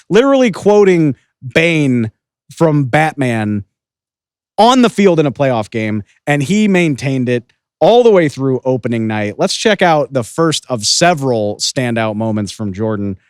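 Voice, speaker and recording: A chatty male sports podcast host with a fairly high, very animated voice, keen and opinionated. The sound is close and dry, with no room echo. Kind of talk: casual commentary.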